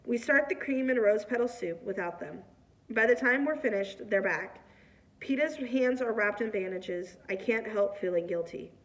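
A woman reads a novel aloud in a plain, steady voice, with the occasional small slip. Her voice sits a bit high and comes from a mic set away from her. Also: recorded from a distance. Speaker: reader.

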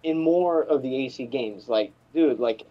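A co-host on a casual gaming podcast, talking with animated exclamations. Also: mid-range voice, unhurried, lo-fi sound.

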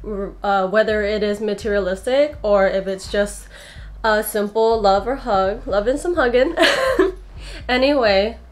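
At a measured pace and in a mid-range voice, a young woman in her twenties vlogs from her bedroom, excitedly showing off the gifts she received. She sounds slightly out of breath, chats easily and laughs frequently.

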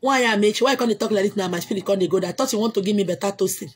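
A woman with a Nigerian accent hosting a casual livestream, answering viewer comments in an emphatic, repetitive way with loud exclamations. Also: mid-range voice, rapid-fire, breathy edge. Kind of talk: casual chat.

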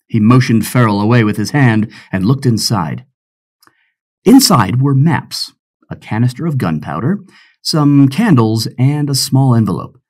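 A man narrating an adventure audiobook with expressive storytelling. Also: medium pitch, normal speed.

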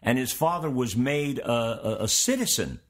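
A man acting as host and history teacher, giving an informal, meandering lecture to his students in a relaxed, conversational way. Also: medium pitch, normal speed.

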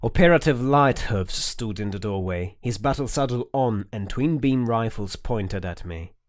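A man's voice: lowish voice, animated, moderate pace, no room sound, clean studio sound. A man narrating an audiobook, reading tense, dramatic scenes.

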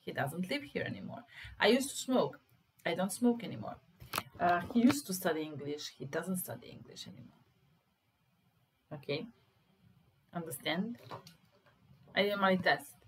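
A woman with a Serbian accent teaching English grammar, patiently stressing example sentences slowly. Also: fairly low pitch, lively intonation, noisy background.

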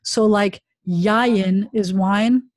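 A woman's voice: medium pitch, fairly even intonation, drawn-out words, no echo. A woman rabbi teaching a Hebrew class over a video call, chatty and self-deprecating.

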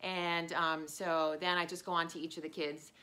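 A woman's voice: on the low side, little pitch movement, normal speed, bright, forceful tone. A woman teaching young children in a playful, sing-song way, chanting songs and acting out sounds. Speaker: home daycare teacher. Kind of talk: children's lesson with sung chants.

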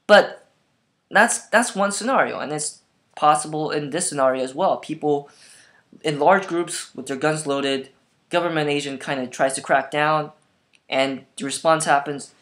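A man's voice: on the high side, moderate pace, fairly bright tone. A young man talking into a laptop camera in a casual opinion monologue, hesitant and full of ums and restarts. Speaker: vlogger. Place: at home in front of a laptop. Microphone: laptop camera mic.

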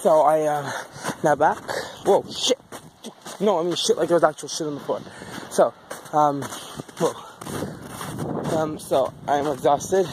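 A man's voice: on the high side, takes it slowly, pauses often. A man vlogging casually, rambling and frustrated and swearing constantly, filmed on a handheld phone. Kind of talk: casual vlog chat. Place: outdoors in the wind, then at home. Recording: wind noise outdoors.

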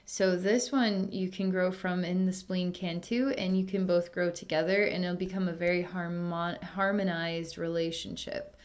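A woman psychic healer speaking in a distance healing session, talking in a soothing, chatty way with frequent fillers and soft laughs. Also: lowish voice, level tone, moderate pace, few pauses.

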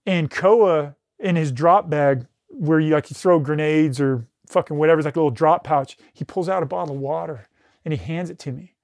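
A middle-aged man with a fairly high voice recounts a battlefield experience as a podcast guest. He talks with raw intensity, swears constantly and stumbles into restarts. The sound is dry and close, with no room around it. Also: normal speed, a little mellow, dry recording. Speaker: podcast guest, retired military rescue specialist. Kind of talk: recounting a combat story in casual conversation.

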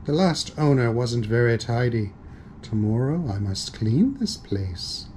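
A man's voice: mid-range voice, expressive, measured pace, darkish tone, a little hiss or hum, close to an everyday voice. A man voicing a genteel, unflappable cartoon panther who stays cheerful and polite. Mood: calm.

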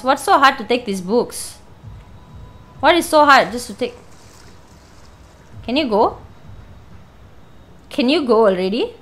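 A woman gamer playing a horror game, panicky and swearing, pleading out loud with the monster chasing her. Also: a little high, expressive, slow pace, pauses often, poor audio. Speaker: let's play gamer.

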